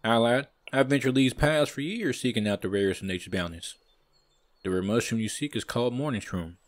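A man's voice: deep voice, expressive, slow, fairly bright tone, no room sound, heavily acted. A man voicing a mysterious male forest huntsman in a put-on brogue, saying "aye, lad", for a video game. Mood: grandiose.

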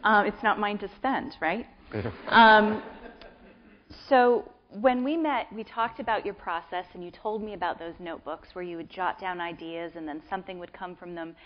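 A woman moderating an onstage interview in a lecture hall, asking relaxed questions with fillers. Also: medium pitch, moderate pace, highs cut off.

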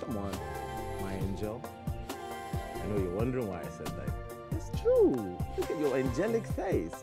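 A flamboyant flirt. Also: male voice, fairly low pitch, huge pitch swings, normal speed, loud music behind the voice. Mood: flirtatious. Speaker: flirting suitor. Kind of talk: film drama acting.

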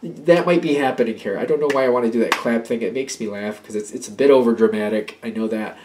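A man giving a casual tarot reading. He talks in an animated, rambling way, repeating himself and acting out little pep talks. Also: medium pitch, fast talker, background noise. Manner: animated, acts out little pep-talk quotes; rambling, repeats and restarts phrases. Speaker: tarot reader.

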